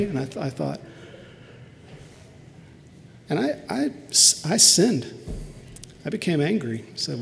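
A man's voice: mid-range voice, animated, unhurried, gravelly, long pauses, darkish tone. A middle-aged man preaching a sermon as a pastor, telling an earnest, confessional story from his own family life. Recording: long hall reverb.

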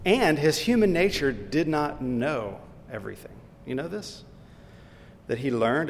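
A man preaching a sermon as pastor, asking the listeners questions and pressing his points with emphasis. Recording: hall reverb, faint rumble.

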